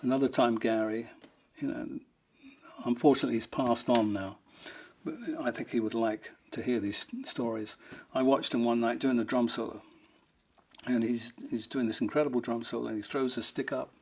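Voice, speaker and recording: A man's voice: medium pitch, normal speed, husky. A man being interviewed, telling funny stories with frequent chuckles and voices for the people in them. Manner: chuckling, animated retelling with acted quotes. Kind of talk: anecdotal storytelling.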